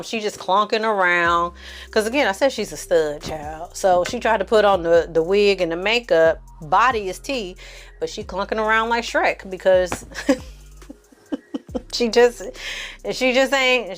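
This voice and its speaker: A woman's voice: mid-range voice, smooth. A woman giving a casual, slang-filled recap and review of a TV episode, chatting to her viewers and acting out the characters' lines. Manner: animated, slangy, acts out characters' lines with exaggerated inflection; frequent fillers and asides to the audience. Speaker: film and TV reviewer.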